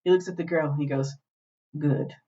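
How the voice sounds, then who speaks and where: A woman co-hosting a podcast, retelling a show in animated, profane casual chat. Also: sits low, very fast. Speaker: podcast co-host. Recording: dull lo-fi glitchy recording.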